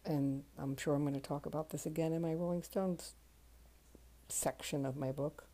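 A woman in her forties hosting a podcast, talking casually in a soft, halting way, worn out from crying. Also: deep voice, steady tone. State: exhausted from crying. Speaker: podcast host. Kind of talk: casual spoken tribute monologue.

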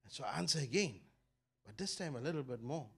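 Pastor preaching with swells. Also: male voice, lively intonation, quick pace, gravelly, husky. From South Africa. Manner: emphatic preaching that swells loud and high on key points, then drops low; repeats words while building a thought. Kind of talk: sermon.

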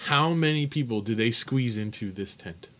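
A man's voice: mid-range voice, moderate pace, a bit bright. A man hosting a casual podcast trivia segment, reading out questions and joking with his co-hosts. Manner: jokey, laughs often, reads trivia questions aloud. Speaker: quiz host of a podcast. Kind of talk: casual chat.

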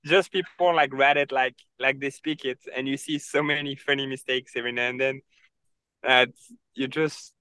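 A young man from France with a French accent, telling stories with animated energy as a podcast guest. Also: mid-range voice, moderate pace, smooth, poor audio. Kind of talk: casual interview chat.

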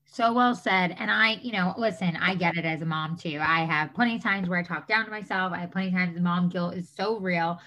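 A woman's voice: fairly low pitch, fairly quick, hardly any pauses, pushed and bright. A woman hosting a podcast, chatting in a gushing way with many fillers. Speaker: podcast host. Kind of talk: casual chat.

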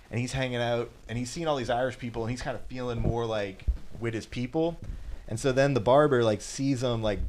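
A man's voice: lowish voice, darkish tone, slight background noise. A man co-hosting a podcast, retelling a movie plot in a loose, rambling way, swearing and acting out the lines. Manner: rambling, swears freely, acts out quotes. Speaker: podcast co-host. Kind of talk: casual movie recap.

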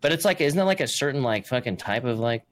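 A man's voice: mid-range voice, lively intonation, no room sound. A man chatting casually with friends on a stream, stumbling and restarting his sentences. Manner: quick, hesitant, stumbling. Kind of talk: casual chat.

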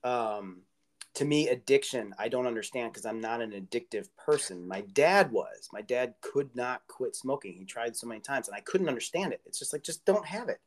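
A man's voice: medium pitch, lively intonation, normal speed. A man in his forties hosting a podcast, chatting casually and reflectively with many fillers. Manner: reflective, rambling, frequent fillers. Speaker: podcast host. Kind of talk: casual conversational chat.

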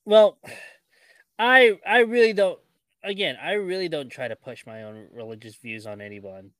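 A man's voice: high voice, animated, moderate pace, fairly bright tone, smooth, no echo. A man hosting a casual podcast chat, speaking politely and a little hesitantly. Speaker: podcast host.

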